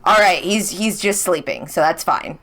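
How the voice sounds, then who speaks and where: A young woman chatting casually as she recaps a TV episode. She is excitable, full of "like" and rhetorical questions. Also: on the low side, moderate pace. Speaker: reaction channel host.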